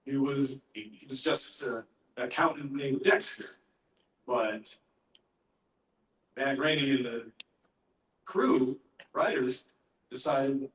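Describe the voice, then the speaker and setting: Slow, relaxed middle-aged man on a panel. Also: medium pitch. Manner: relaxed, anecdotal, pauses to gather his thoughts. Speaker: guest voice actor on a fan panel. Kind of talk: live convention Q&A answers. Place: large convention panel room. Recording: echoey hall, voice heard from far off.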